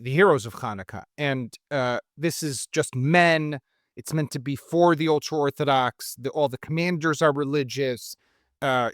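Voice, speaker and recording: A man's voice: medium pitch, a bit bright, dry recording, clean studio sound. A middle-aged man from Israel, a guest in a heated political discussion, talking emphatically and worked up, with many restarts.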